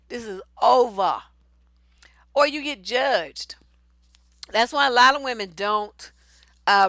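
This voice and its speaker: A middle-aged woman, a relationship coach telling a personal story and giving advice in a blunt, profane, animated way. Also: mid-range voice, dry recording.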